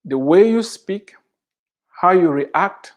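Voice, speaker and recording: A man's voice: high voice, lively intonation. A middle-aged man giving a devotional sermon, speaking emphatically and repeating scripture lines for emphasis. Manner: slow, emphatic preaching with drawn-out phrases. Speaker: Christian author and speaker.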